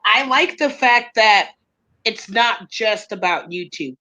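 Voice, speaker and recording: A woman, a guest on a live talk show, warmly thanking the host and viewers. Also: mid-range voice, animated, slow pace, a loud crowd, rough recording. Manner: sincere, grateful, gushing thanks. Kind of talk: emotional live-stream chat.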